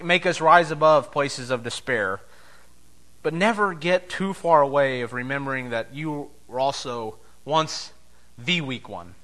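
A man preaches a sermon as pastor, emphatic throughout, alternating loud declarations with soft, low asides.

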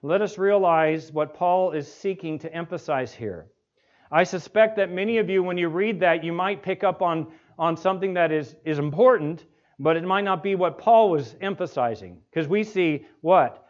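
A male pastor preaching an expository sermon, asking the congregation rhetorical questions and slowing down to stress key words. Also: high-pitched. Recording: dull lo-fi recording.

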